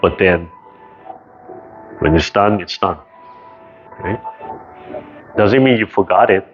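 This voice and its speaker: Man, tai chi teacher, low voice, muffled call audio, chatty teaching. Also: takes it slowly, faint music behind. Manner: conversational, keeps asking "right?", acts out quoted voices. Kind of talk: casual teaching talk. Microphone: video call.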